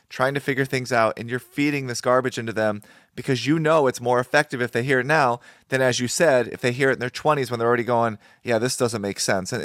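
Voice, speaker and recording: A man's voice: mid-range voice, a bit bright, no room sound, studio quality. A man in a casual discussion over a video call, emphatic and indignant. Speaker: podcast co-host.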